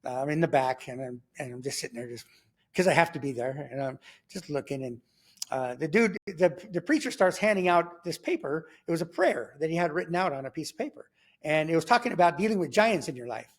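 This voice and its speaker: A man telling his faith testimony in casual, animated storytelling, acting out what he and others said and checking in with the listener. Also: on the high side, brisk. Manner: animated, acts out his own quoted remarks. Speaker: guest sharing a faith testimony.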